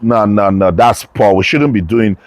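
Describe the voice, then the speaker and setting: A man's voice: fairly low pitch, moderate pace, dry recording. A man giving a passionate, emphatic sports opinion vlog, repeating phrases for stress. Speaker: sports commentator.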